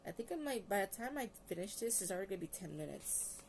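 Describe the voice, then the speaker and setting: A woman's voice: mid-range voice, very animated, fast talker, gravelly, slight background noise. A tired woman vlogger chatting casually about books, rambling with restarts and reading out long lists. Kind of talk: casual book review. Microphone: phone.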